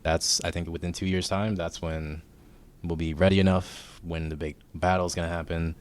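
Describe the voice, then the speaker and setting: A man's voice: low voice, level tone, moderate pace. A man hosting an anime discussion channel, chatting casually and explaining things in a laid-back way. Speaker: channel host.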